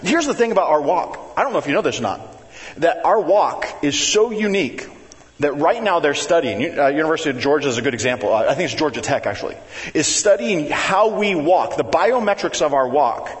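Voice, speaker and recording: A man preaching a sermon, telling family stories in a chatty, animated way and acting out his kids with sudden jumps in his voice. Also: a little fast. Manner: animated, conversational, acts out family members with big pitch jumps. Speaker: pastor. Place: church sanctuary. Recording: long reverb of a large hall.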